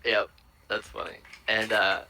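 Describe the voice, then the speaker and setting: A man narrating as dungeon master in a relaxed, rambling way. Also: lowish voice, unhurried, slight background noise, poor audio. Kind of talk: narrating a tabletop game.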